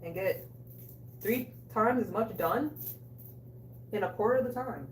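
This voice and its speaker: A woman hosting a cooking livestream, chatting casually, loud, joking and swearing with her chat. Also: mid-range voice, unhurried, slight background noise. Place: small bathroom. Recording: echoey room, a bit distant.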